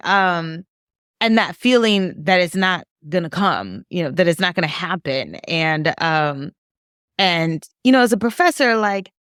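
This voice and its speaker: A middle-aged woman professor talking earnestly and emotionally on a podcast, often halting and restarting. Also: mid-range voice, a bit bright, clear, resonant tone, no room sound, clean studio sound. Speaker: professor and author. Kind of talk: podcast discussion.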